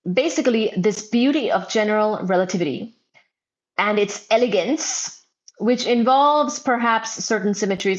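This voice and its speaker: A woman hosting a physics livestream in casual chat, reading viewer comments loudly and playfully, near shouting at times, wearing headphones. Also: medium pitch, lo-fi sound.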